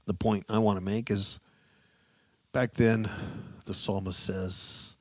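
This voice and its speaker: A man preaching a sermon with passion, repeating phrases for emphasis and swinging between low mutters and loud, stressed scripture readings. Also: steady tone, slow, no room sound.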